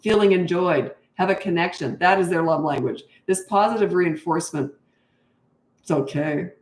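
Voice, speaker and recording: A woman's voice: on the low side, moderate pace, a little mellow. An older woman, a parenting coach, answering interview questions in a frank, chatty way and laughing easily. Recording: roomy echo.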